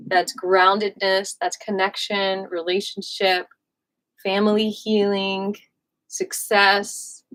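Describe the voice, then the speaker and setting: A woman leading a live qigong class, gushing and encouraging, swooping high on affectionate words. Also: rough recording. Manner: gushing, sing-song, warmly encouraging. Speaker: qigong and yoga instructor. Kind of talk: live online movement class.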